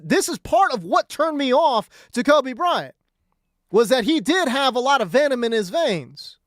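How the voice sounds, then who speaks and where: Man, sports talk radio host, high-pitched, emphatic, conversational, dry studio sound. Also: no room sound. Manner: animated, emphatic, repeats phrases for effect; conversational, with asides and laughs. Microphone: studio microphone.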